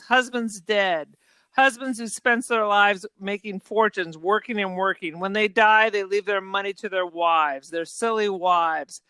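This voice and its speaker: A woman's voice: medium pitch, fairly bright tone, smooth, no echo. A woman reading aloud as a cold, misogynist middle-aged uncle delivering a long, contemptuous monologue.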